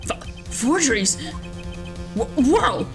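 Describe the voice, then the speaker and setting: A frantic young male defense attorney who stammers and pitches his voice up high, as a woman reads him out. He is earnest and flustered, and each line pushes a little higher than the one before. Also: sing-song, slow, music in the background, full character voice.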